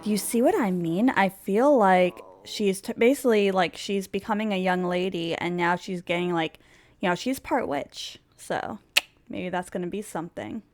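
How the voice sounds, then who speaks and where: A woman's voice: medium pitch, moderate pace. A woman narrating a game story in a chatty, playful way, with giggly asides. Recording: background music under voice.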